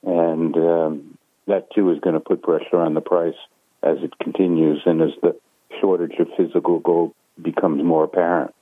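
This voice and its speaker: A man with a very low voice speaks as a guest analyst over a tinny phone line. He talks in a measured way, stopping often on fillers and restarts. The sound is dry and close, with no room around it. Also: level tone, no room sound. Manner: measured, hesitant with many fillers. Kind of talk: phone interview.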